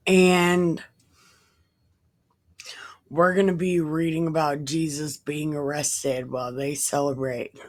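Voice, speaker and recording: A woman's voice: low-pitched, level tone, takes it slowly, pauses often. A woman reading Bible passages aloud and breaking off for irreverent, profane, wisecracking asides in a casual tone. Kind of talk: casual scripture reading with commentary.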